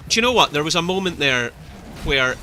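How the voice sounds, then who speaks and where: A young man casting a live esports match, chatty and excitable, laughing often. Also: a little high, fairly quick, a crowd in the background. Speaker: esports caster.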